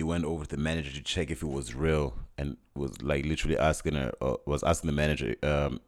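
A young man with a very low, deep voice tells a personal story in a loose, casual way. He talks in an animated rush, restarting sentences and acting out what people said. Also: quick pace, few pauses. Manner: animated, frequent restarts and quoted dialogue.

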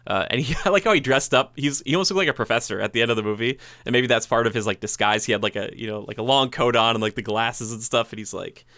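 Bright, chatty man reviewing a movie. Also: mid-range voice, fast talker, few pauses, dry recording. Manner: chatty, rambling, acts out quotes from scenes. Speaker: podcast co-host. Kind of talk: casual movie review chat.

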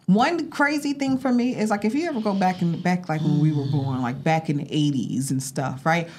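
A woman in her thirties telling slangy, animated stories in a casual group chat. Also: lowish voice, normal speed, a little hiss or hum.

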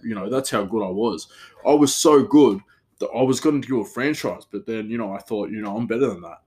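A man's voice: fairly low pitch, brisk, a little mellow, lightly acted. A man voicing a bossy, boastful male pizza shop boss, lecturing and pompous.

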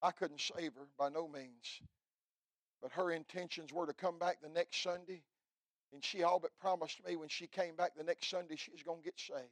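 Fiery preacher, shouting and hushed. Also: male voice, a little high, steady tone, normal speed, dry recording. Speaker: pastor. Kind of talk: fiery revival sermon.

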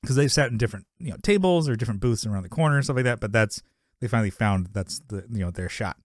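A man's voice: fairly low pitch, lively intonation, fast talker, no room sound, studio quality. Rambling man recapping a sitcom episode. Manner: rambling, heavy on "you know" fillers, laughs often. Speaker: podcast co-host. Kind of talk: casual recap chat.

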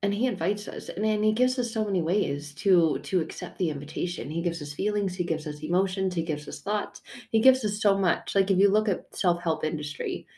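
Candid, animated woman sharing her faith. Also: fairly low pitch, fairly quick. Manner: animated and candid, swears freely, laughs often. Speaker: podcast host. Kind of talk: casual faith podcast monologue.

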